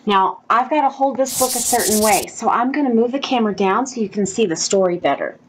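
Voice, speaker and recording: A woman reading a children's story aloud, slow and gentle, asking the children questions as she goes. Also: on the high side, slight background noise, rough recording. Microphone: own camera.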